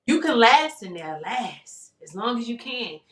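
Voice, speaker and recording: A woman guest on a live interview, telling her story in a candid, animated way. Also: fairly high pitch, measured pace, echoey room. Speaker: interview guest, talk show host.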